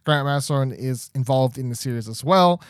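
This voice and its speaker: A man's voice: medium pitch, moderate pace, clean tone, no room sound, studio quality. A man hosting a podcast in casual, chatty talk, often laughing. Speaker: podcast host.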